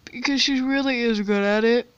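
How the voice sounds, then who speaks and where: A woman's voice: a little high, moderate pace, smooth, no room sound, dull audio. A woman hosting a casual reaction video, chatting playfully with rambling asides.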